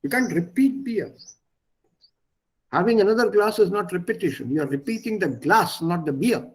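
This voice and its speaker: A man's voice: sits high, lively intonation, normal speed, slightly rough, low-quality recording. A man teaching German in an online class, explaining patiently and repeating words and stresses for his learners. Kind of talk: online language lesson.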